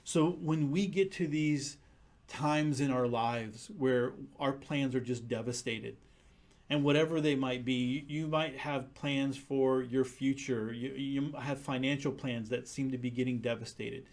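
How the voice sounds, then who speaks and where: A man's voice: medium pitch, fairly even intonation, measured pace, darkish tone. A man preaching a conversational sermon, earnest and full of restarts. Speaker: pastor.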